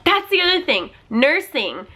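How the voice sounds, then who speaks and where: A young woman, a mother, chatting casually to the camera at home in a chatty way, full of "like" fillers and quick laughs. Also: high voice, big pitch swings, pushed and bright. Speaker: family vlogger and mother. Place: at home with a toddler nearby.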